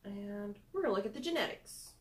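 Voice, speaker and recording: A woman's voice: medium pitch, lively intonation, fairly quick, reverberant. A young woman chatting casually through a product review, self-deprecating with giggly asides. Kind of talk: casual screen-recorded review.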